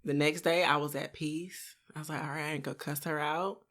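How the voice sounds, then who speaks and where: Soft-spoken woman podcast co-host, low voice. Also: steady tone, fairly quick. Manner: soft-spoken, never yells, laughs often. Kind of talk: casual chat.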